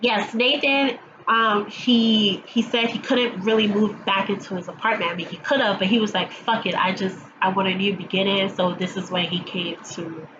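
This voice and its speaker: A TV episode reviewer with a mid-range voice, fairly even intonation and normal speed recaps an episode in a casual home vlog, stuffy from allergies. A chatty storyteller, she acts out the characters' lines and laughs along. The home recording is dull, with audible background noise and sirens passing outside.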